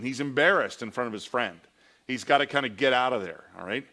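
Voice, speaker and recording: A man's voice: fairly low pitch, fast talker, vocal fry, bright, forceful tone. A man teaching a Sunday School class in a church, reading passages aloud and explaining them in a conversational way, often asking "all right?".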